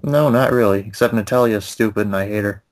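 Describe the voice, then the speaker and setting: A laid-back man in casual chat, answering with short, dry remarks and the odd chuckle. His voice sits on the low side. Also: a little fast. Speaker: co-host of a gaming channel. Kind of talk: casual ranting chat with a friend.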